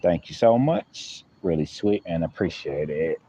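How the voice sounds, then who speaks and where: A man's voice: low voice, sing-song, measured pace, mellow, slight background noise. A man using hosts a live stream, chatting playfully with viewers and laughing often. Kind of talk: joking live-stream chat.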